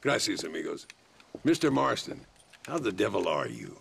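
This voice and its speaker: An actor voicing an older, worldly male gunslinger in a western video game, with a slow drawling manner and a gravelly voice. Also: sits low, wildly swooping pitch, a crowd in the background, full character voice. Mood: friendly. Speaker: game character.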